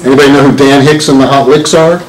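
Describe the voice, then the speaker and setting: A man's voice: medium pitch, steady tone, fast talker. A man in his sixties, a lawyer giving a live talk, joking and quizzing the audience. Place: meeting hall with an audience. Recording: roomy hall with faint noise.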